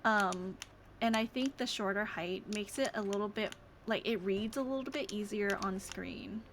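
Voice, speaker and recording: A young adult woman streamer chatting casually over a game, soft-spoken and gushing. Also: medium pitch, normal speed, a little hiss or hum.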